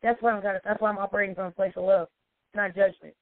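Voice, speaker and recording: Woman life coach, emphatic and preachy, gravelly fry in the voice, dry phone-like recording. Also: mid-range voice, steady tone, fast talker, dry recording. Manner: emphatic, preachy, repeats points for effect. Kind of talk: motivational self-help monologue. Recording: tinny phone-like dry sound.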